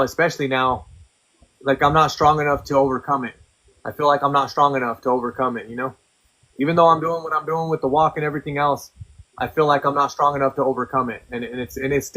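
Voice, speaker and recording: Bright, candid man telling his story. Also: mid-range voice, poor audio. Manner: profane, blunt, conversational. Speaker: podcast guest.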